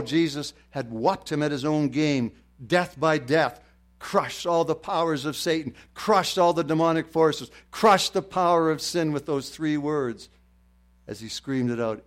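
An older man preaches in a slightly raised voice. He tells stories quietly, then climbs into loud, fervent declarations. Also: a little high, a little slow. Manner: swings from quiet storytelling to shouted exclamations. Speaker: pastor. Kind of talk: sermon.

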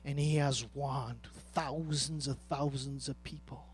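A man preaching a sermon as pastor, emphatic and swinging between loud and soft. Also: medium pitch, steady tone, a little slow, breathy edge.

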